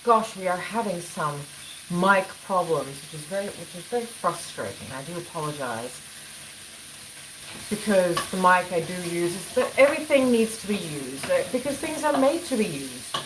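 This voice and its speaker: A woman's voice: lowish voice, animated, normal speed. A woman hosting a casual live chat, rambling, apologizing and breaking off mid-thought. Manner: rambling, apologetic, self-interrupting. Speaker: livestream host. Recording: clear cooking noise behind.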